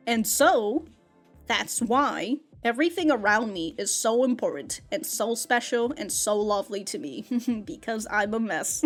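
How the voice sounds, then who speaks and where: A woman giving excitable, casual reaction commentary on an anime, laughing often, swearing freely and calling everyone "dude". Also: on the high side, moderate pace, faint music behind.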